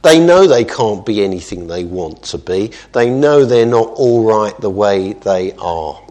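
A man preaching as a pastor, earnest, moving between quiet asides and emphatic exhortation. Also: lowish voice, lively intonation, measured pace. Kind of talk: sermon.

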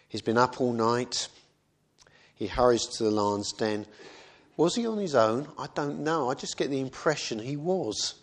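Male preacher, mid-pitched voice, relaxed conversational sermon delivery. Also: unhurried. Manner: conversational, rhetorical questions.

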